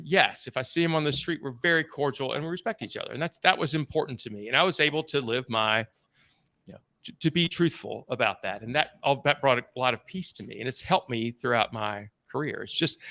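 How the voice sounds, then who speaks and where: A man talks through his own stories as a podcast guest, candid and blunt, swearing now and then. His voice is bright and forceful. The sound is dry, with no room around it. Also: medium pitch, animated, a little fast, no room sound. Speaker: podcast guest, sales trainer. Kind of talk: conversational storytelling interview.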